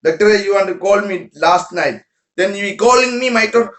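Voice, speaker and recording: At normal speed, a man with a high, somewhat bright voice gives a casual spiritual talk to followers. The spiritual teacher's English is broken; he repeats words and asks questions of listeners, with echo filling the room.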